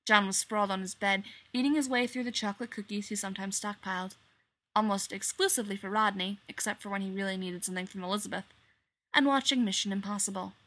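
A woman reading fiction aloud in an expressive, animated storytelling manner. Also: medium pitch, fast talker. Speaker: reader.

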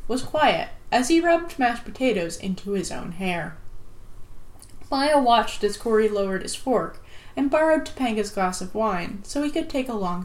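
A woman narrating a novel with even, steady storytelling. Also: a little high. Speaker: audiobook narrator. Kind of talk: scripted narration.

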